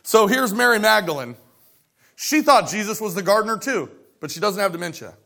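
A man preaching a sermon, telling stories and acting out scripture dialogue, dropping to quiet asides between loud exclaimed lines. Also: sits high, lively intonation, brisk, creaky. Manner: storytelling, swings from soft asides to loud dramatic quotes; acts out dialogue of scripture characters. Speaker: pastor.

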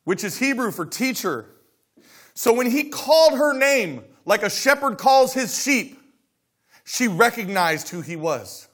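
A man preaching a sermon, telling stories and acting out scripture dialogue, dropping to quiet asides between loud exclaimed lines. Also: extremely high pitch, big pitch swings, unhurried. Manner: storytelling, swings from soft asides to loud dramatic quotes; acts out dialogue of scripture characters. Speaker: pastor.

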